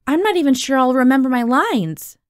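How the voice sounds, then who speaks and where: A teenage girl asks soft, bewildered questions, anxious and unsure of herself, as a woman reading a storybook puts her on. The voice is gravelly and dry, recorded close. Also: mid-range voice, big pitch swings, takes it slowly, no room sound, heavily acted.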